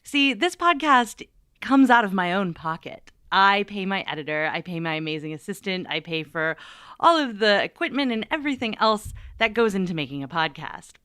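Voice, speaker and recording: A woman hosting a podcast, talking to listeners in a chatty, playful monologue with lively asides. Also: medium pitch, moderate pace, smooth, no echo, clean studio sound. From United States. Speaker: podcast host.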